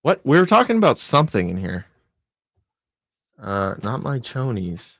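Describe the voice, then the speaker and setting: A man's voice: mid-range voice, wildly swooping pitch, moderate pace, fairly bright tone, dry recording, studio quality. A man, a radio producer, chatting loosely with a livestream audience in an easygoing, rambling way. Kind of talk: casual chat on a livestream.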